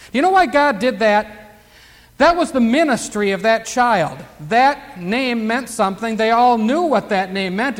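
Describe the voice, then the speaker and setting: An older man preaching a Bible teaching sermon in a folksy way, full of rhetorical questions and asides as he reads scripture aloud. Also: very high voice. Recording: long hall reverb.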